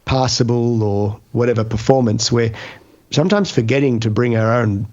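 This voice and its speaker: A man chats about voice work in a relaxed, reflective way. His pitch sits in the middle range for a man. The recording sounds dull and lo-fi, as if the top end has been cut off. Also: moderate pace. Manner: chatty and reflective. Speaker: voice actor guest. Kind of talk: casual interview chat. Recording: dull lo-fi audio.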